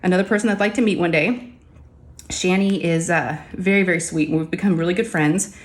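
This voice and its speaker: Forties woman vlogger, slightly low voice, rambling friendly chat straight to her viewers. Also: fairly quick. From Texas. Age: 40s. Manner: chatty, rambling, addresses viewers as y'all. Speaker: crafting vlogger. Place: craft room at home.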